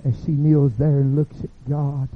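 A man preaching a revival sermon, telling dramatic stories that build to shouting. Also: on the high side, flat delivery, normal speed, slight background noise. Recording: tinny phone-like sound.

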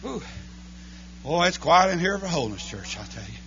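A man preaching a holiness church sermon, chanting his lines between breathy "uh, amen" beats. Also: fairly high pitch, big pitch swings, normal speed, sharp tone, lo-fi sound, a little hiss or hum. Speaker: pastor. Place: church sanctuary.

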